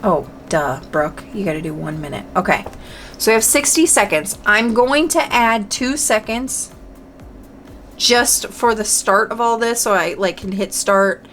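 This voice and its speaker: A woman's voice: mid-range voice, expressive, a little slow, fairly bright tone, faint music behind. A woman hosting a budgeting channel, chatting casually to camera while playing a dice game, talking to herself and counting aloud.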